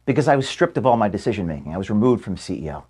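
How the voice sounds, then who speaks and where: An emotional man in a halting farewell. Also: lowish voice, very animated, darkish tone, slightly rough. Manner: halting, earnest, stops to apologize. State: emotional, close to tears. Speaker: organization founder giving a farewell speech to staff. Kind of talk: personal farewell address filmed for staff. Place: office room at headquarters.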